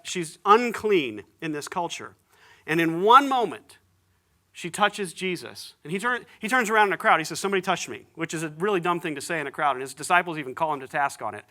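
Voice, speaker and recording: In a church, a pastor from the United States delivers a sermon by casually retelling a story, slipping in slang and acting out the dialogue. He speaks with a fairly high pitch and a sharp edge to his tone.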